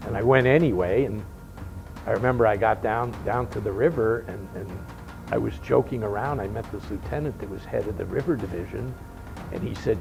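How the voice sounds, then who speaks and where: A gravelly, low-voiced man in his seventies tells his stories with wry humor. He acts out the remarks of the people he quotes, and faint music plays behind him. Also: a little fast, rough recording. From Miami, Florida. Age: 70s. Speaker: interviewed veteran. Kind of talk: storytelling interview.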